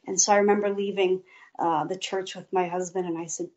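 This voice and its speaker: A woman's voice: fairly low pitch, little pitch movement, a little mellow, muffled recording. A woman guest earnestly telling a personal faith testimony in an interview. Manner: slow, earnest storytelling.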